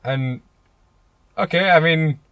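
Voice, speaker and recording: A young man co-hosting a late-night casual podcast chat in a van, with dry, deadpan jokes. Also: fairly high pitch, slow, smooth, no room sound. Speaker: podcast co-host. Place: inside a van.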